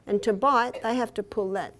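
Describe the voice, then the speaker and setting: Animated older Australian woman lecturing. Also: fairly high pitch, normal speed. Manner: animated storytelling, acting out voices, laughing often. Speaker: health lecturer. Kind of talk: live lecture with anecdotes.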